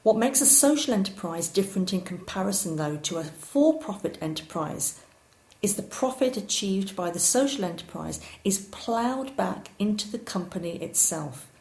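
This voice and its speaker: A woman giving a recorded course lecture, explaining ideas clearly and at times poking fun at herself. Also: medium pitch, animated, normal speed, a little mellow. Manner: clear, explanatory, occasionally self-deprecating. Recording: roomy echo.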